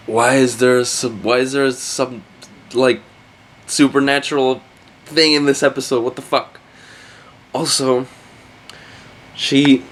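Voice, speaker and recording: A man giving casual, profane reaction commentary while watching an anime episode, often exasperated and sarcastic. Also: on the high side.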